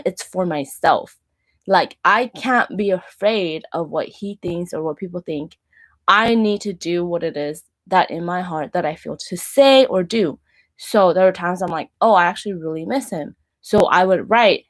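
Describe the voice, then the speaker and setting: A woman in her thirties, the show's host, talking candidly about faith and dating and leaning often on "like". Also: fairly low pitch. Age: 30s. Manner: candid, heavy use of "like". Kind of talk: personal faith talk.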